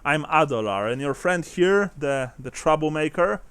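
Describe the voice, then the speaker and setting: A man voicing a rough, tattooed working man in a tavern, blunt and swearing. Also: a little high, animated, moderate pace, a bit bright, no echo. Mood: gruff.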